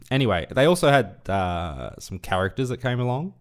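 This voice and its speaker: A man co-hosting a podcast, chatting casually with dry, deadpan humor and many hesitant ums. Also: medium pitch, normal speed. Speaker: podcast co-host. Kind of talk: casual chat.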